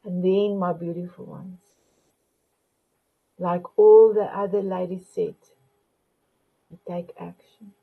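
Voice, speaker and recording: Slow-talking woman host. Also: on the low side, steady tone, gravelly, husky. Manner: warm, affectionate address, repeats "my beautiful ones". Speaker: talk show host. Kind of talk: motivational talk. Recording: dull lo-fi sound.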